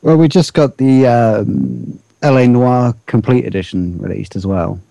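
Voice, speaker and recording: A man's voice: mid-range voice, sing-song, unhurried, creaky, mellow, no echo, rough recording. A man co-hosting a casual gaming chat, with a dry, understated humor. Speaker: podcast co-host.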